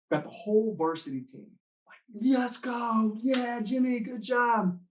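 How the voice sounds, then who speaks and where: A man giving a motivational talk to students in an online live session, telling stories with lively acted-out quotes. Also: mid-range voice, lo-fi sound. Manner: animated storytelling, acting out quoted lines. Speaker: motivational speaker.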